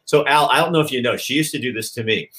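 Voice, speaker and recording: A man's voice: medium pitch, fast talker. A man who once anchored TV news, telling anecdotes in a casual chat. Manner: lively, laughing anecdote teller.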